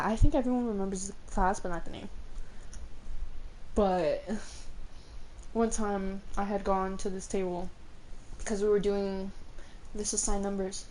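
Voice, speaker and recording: Young woman streaming and just telling stories, mellow voice, says "like" a ton, swears a lot, laughs a bunch. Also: mid-range voice, slight background noise. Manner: rambling, full of "like" fillers; swears freely and laughs often. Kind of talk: casual storytelling while gaming.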